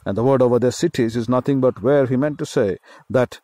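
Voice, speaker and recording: Male pastor, Indian English accent, emphatic repetitive sermon delivery, mid pitch, dry close sound. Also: dark tone, no room sound. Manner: slow emphatic preaching with repeated phrases.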